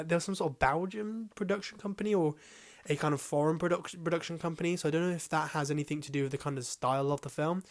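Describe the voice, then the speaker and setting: A man gives a casual, rambling film review, full of hesitations and casual swearing. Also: a little high.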